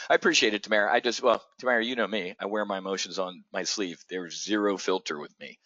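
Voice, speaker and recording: A fairly low-voiced man with a bright, forceful tone, riffing on a live stream. He talks bluntly, swears freely and trips over his words with repeated restarts. The sound is dry and a little dull. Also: fast, hardly any pauses, no echo. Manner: blunt and profane, stammering restarts, excitable. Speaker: trading coach hosting a live stream. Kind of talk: unscripted live stream talk.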